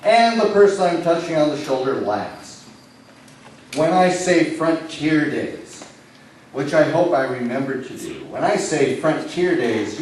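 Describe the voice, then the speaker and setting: A man from Nebraska working as a stage hypnotist in a comedy show, giving slow, soothing suggestions that sink soft and low when he tells people to relax. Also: a little hiss or hum. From Lincoln, Nebraska. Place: indoor city hall room. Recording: echoey hall, voice from far off.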